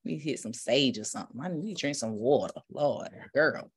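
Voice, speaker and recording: Low-voiced woman preaching and guiding meditation. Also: breathy edge. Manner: preaching with rising fervor, then slow calm guidance. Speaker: spiritual teacher. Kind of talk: sermon then guided meditation.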